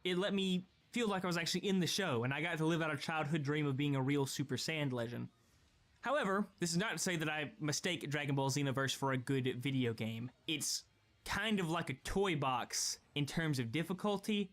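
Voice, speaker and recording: A man's voice: fairly high pitch, fairly quick, fairly bright tone. Profane young man ranting about games. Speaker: gaming video creator. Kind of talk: scripted gaming vlog commentary.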